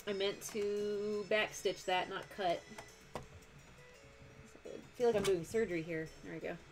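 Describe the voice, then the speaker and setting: A young woman with a faint Texan twang talks casually as she works on a sewing project, her thoughts wandering and doubling back. Her pitch sits in a middle range, and soft music plays quietly behind her. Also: fairly even intonation, unhurried. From Texas. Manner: chatty, rambling, self-interrupting with laughs. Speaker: cosplay streamer. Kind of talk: casual live-stream chat while sewing.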